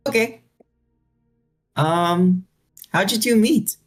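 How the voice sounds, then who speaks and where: Low, slow, playful woman player. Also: faint music behind. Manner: playful, unhurried, teasing. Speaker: tabletop game player. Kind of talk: in-character table banter.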